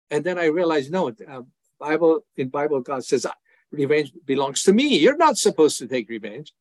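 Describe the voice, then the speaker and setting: A man's voice: fairly high pitch, expressive, fairly quick, no room sound. An older man from Iran, an evangelist giving an earnest personal testimony in an interview, acting out his prayers as dialogue. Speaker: evangelist guest.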